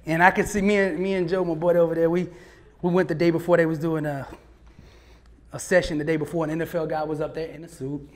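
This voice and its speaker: A man speaking as a motivational speaker, telling a story live in a lively, slangy way, often laughing and acting out what others said. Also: on the high side, fast talker.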